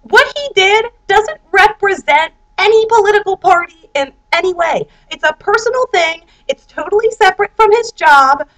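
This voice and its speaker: A woman's voice: very high-pitched, lively intonation, normal speed, few pauses, a bit bright, poor audio. A young woman vlogging, rambling casually with lots of fillers, restarts and mock-quoted voices. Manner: chatty, lots of fillers and self-corrections, mock-quoting voices.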